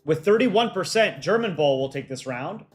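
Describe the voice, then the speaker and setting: A man's voice: fairly high pitch, lively intonation, normal speed, soft background music. A man hosting a casual livestream, reading out fan art entries and reacting with light jokes.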